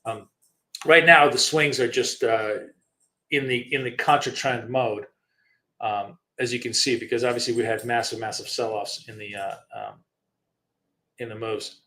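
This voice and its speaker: A man's voice: mid-range voice, steady tone, measured pace, pushed and bright. A man hosting a live trading session, thinking aloud casually with many fillers, restarts and the odd swear word. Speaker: trading show host. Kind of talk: live trading screen-share commentary.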